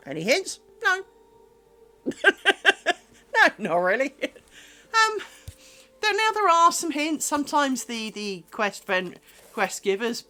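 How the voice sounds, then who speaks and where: Her voice sits high, pushed and bright, with big pitch swings, and she takes it slowly with long pauses. Streaming from her home craft room on a desk mic, this crafter chats in a wry, self-deprecating way and addresses her pets.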